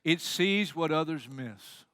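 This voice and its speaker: A man's voice: a little high, slow, dry recording, clean studio sound. A man preaching a sermon as pastor, telling stories with energy and acting out the quoted lines. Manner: animated storytelling, acts out quotes.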